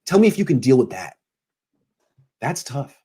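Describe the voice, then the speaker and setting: Animated, sarcastic sports blogger man. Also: medium pitch, normal speed, breathy edge. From California. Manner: sarcastic, animated storytelling with mock voices. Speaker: sports blogger and show host. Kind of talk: casual pregame commentary.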